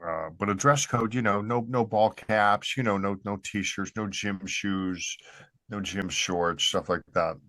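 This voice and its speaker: Very deep, bright-toned man chatting. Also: dry recording. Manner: easygoing, halting with many fillers. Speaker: podcast co-host. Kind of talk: casual chat.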